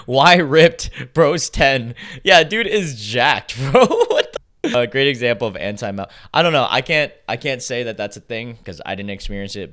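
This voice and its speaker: A young man hosting a casual reaction video, chatty and excitable, laughing often between lines. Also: mid-range voice. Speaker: YouTube host.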